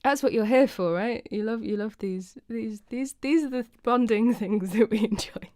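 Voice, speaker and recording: A woman's voice: a little high, normal speed, a little mellow, dry recording, studio quality. A young woman from the UK hosting her weekly live stream, chatting casually and self-deprecatingly with viewers, greeting them by name and rambling through stories. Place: home, indoors.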